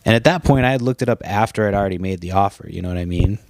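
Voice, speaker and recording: A man's voice: on the low side, racing, no echo. A man hosting a podcast, telling a story in a loose, profane ramble. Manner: profane, animated storytelling with quoted back-and-forth. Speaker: podcast host. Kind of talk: casual rambling monologue.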